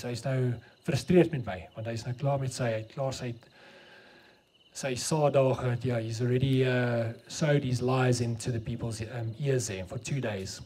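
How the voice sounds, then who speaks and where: A man's voice: mid-range voice, normal speed, dark tone, slightly rough. A middle-aged South African man with an Afrikaans accent, preaching a sermon and telling a story, mixing English and Afrikaans.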